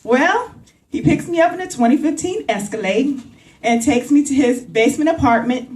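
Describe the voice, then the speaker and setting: A woman performing clean stand-up comedy on a coffee house stage, talking straight to the crowd in an animated way. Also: high-pitched, normal speed. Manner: animated, addresses crowd directly. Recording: roomy, from a distance.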